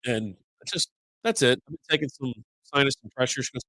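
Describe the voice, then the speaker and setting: Host, male, 40s, stuffy with a sinus cold; rambling, fed-up rant, mid pitch, dry close-mic sound. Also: animated, a little fast, pushed and bright, no room sound, rough recording. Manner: rambling and exasperated, acts out both sides of conversations. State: congested from sinus infection. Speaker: podcast host. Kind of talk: casual live-stream rant.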